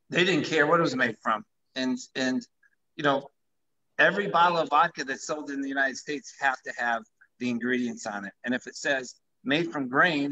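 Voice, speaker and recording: Man, vodka brand founder on a livestream, eager sales pitch, bright tone, dull lo-fi sound. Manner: enthusiastic, pitching his product. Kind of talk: live-streamed conversation.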